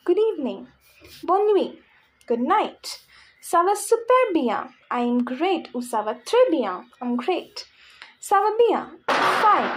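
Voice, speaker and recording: A young woman teaching a French lesson, repeating phrases slowly and checking that her students follow. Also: high-pitched. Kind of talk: classroom-style language lesson.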